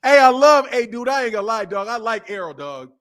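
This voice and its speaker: A man's voice: extremely high pitch, sing-song, brisk, a bit bright, faint music behind. A man in his fifties hosting a boxing channel, talking in loose slangy live-stream chat and laughing often. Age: 50s.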